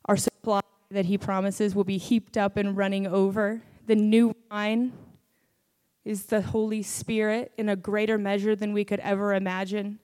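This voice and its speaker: A woman's voice: mid-range voice, flat delivery, normal speed, a little mellow, smooth. A woman preaching a sermon and testifying about her own faith, earnest and building to fervent prayer.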